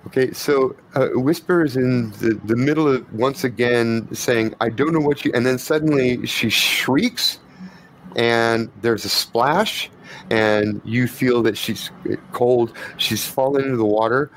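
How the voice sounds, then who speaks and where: Man, game master, tabletop game narration, relaxed and rambling, faint background hiss. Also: medium pitch, takes it slowly, poor audio.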